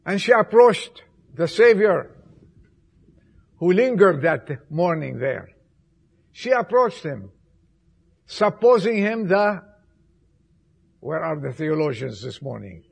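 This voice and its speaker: A man preaching an Easter sermon, with emphatic repetitions, swinging between loud appeals and soft, hushed passages. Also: on the high side, very animated, vocal fry, breathy edge. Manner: slow, emphatic delivery with repetitions.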